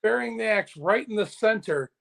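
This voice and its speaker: High gravelly-voiced game player. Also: male voice, animated, normal speed, a bit bright. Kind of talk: tabletop game play.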